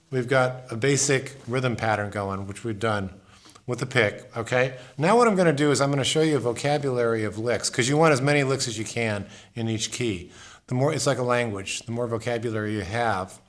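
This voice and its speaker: Relaxed man teaching guitar. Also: mid-range voice. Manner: relaxed, thinks aloud, repeats words while playing. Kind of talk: casual instructional lesson. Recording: guitar music in the background. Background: acoustic guitar playing.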